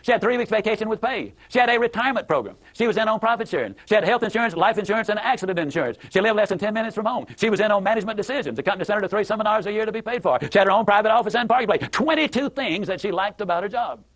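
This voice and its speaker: A man delivering a motivational story to a crowd in a folksy, emphatic manner. His voice sits high for a man, and he talks quickly, stacking up repeated words for emphasis. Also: expressive, a bit bright. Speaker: motivational speaker.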